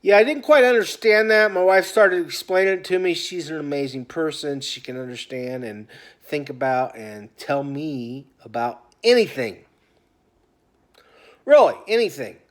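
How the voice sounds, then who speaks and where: A man in a rambling, casual rant to his phone camera at home, often stopping himself and trailing off into quiet mutters. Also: on the high side, animated, normal speed. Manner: talkative, self-interrupting, drifts off into quiet mutters. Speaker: vlogger. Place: at home on a couch.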